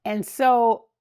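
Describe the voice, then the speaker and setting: An older woman as an interview guest, telling candid stories in an animated way, laughing often and acting out what others said. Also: on the high side, clean tone. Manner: animated, laughs often, acts out quoted speech. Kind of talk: candid storytelling.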